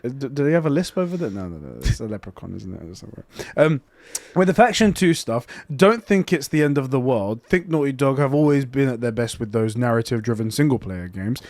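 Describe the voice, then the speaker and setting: A man's voice: mid-range voice, very animated, brisk, hardly any pauses, a little mellow, no room sound. A young man co-hosting a gaming podcast, chatting casually, swearing and laughing easily as he reads out listener messages. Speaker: podcast co-host.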